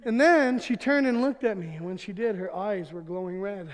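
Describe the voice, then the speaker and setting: Animated pastor man in a reverberant hall. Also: sits high, moderate pace. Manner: animated, acts out quotes, laughs often. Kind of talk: humorous sermon storytelling. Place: church sanctuary.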